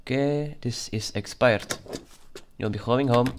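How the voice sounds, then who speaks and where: A man's voice: medium pitch, a little slow, slight background noise. Man in a mock Russian accent. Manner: curt, stern official tone toward game characters. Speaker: let's play gamer. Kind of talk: gameplay commentary in character as a border guard.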